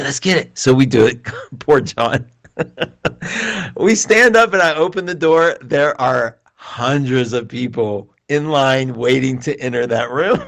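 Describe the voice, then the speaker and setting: A man hosting a live astrology show, telling a long, self-mocking story in a casual, animated way and reading viewer comments. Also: medium pitch.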